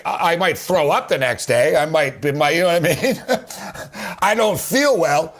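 A man with a somewhat raised voice hosts sports betting talk radio, rambling in loose slang and cutting himself off mid-thought. He sounds excitable and casual, jumping between points. The delivery is unscripted and chatty. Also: a little high, moderate pace.

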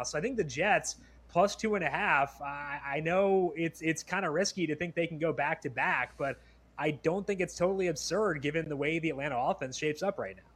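A man's voice: on the high side, fairly bright tone, breathy edge. A man appearing as a guest analyst on a sports radio show, talking casually through his picks. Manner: casual, lots of "like" fillers.

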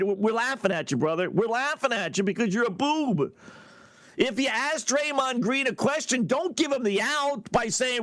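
A man's voice: very high-pitched, lively intonation, moderate pace, fairly bright tone, no room sound. A middle-aged man hosting a sports betting radio show, talking in a brash, sarcastic, rambling monologue.

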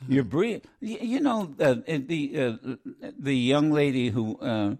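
A man's voice: mid-range voice, expressive, a little slow, a little mellow. A man hosting a live radio talk show, rambling with many fillers and restarts, blunt and opinionated.

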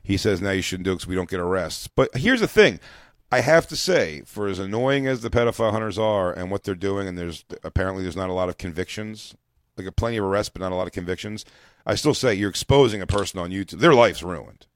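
A man's voice: on the low side, animated, fairly quick, dry recording, studio quality. A man co-hosting a casual radio talk show, riffing crudely and laughing often. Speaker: co-host.

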